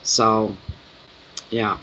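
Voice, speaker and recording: A middle-aged man, a tarot reader and channel host, chatting casually with his viewers at home and telling animated stories. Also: on the low side, extremely slow, slight background noise, low-quality recording.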